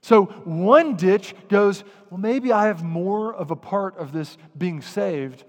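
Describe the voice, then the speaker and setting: High-voiced pastor preaching in a reverberant hall. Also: male voice, slow pace. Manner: animated, acts out grumbling voices. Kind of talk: sermon.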